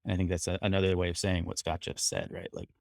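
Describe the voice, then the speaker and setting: A man speaking as a guest CTO in a panel discussion, measured and reflective. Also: low voice, little pitch movement, gravelly, no echo, clean studio sound.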